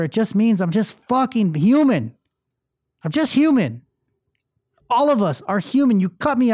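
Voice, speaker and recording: A high-voiced man with a warm tone hosts a motivational podcast by himself, talking bluntly and swearing heavily about a rough day and his anger; he's emotionally open throughout. The sound is studio quality, free of echo.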